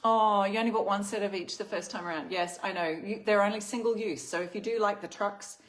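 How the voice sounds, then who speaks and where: A woman's voice: medium pitch, fairly even intonation, fairly quick, slight background noise. An Australian woman hosting a casual craft livestream, chatting and reading out viewer comments. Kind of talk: casual live-stream chat.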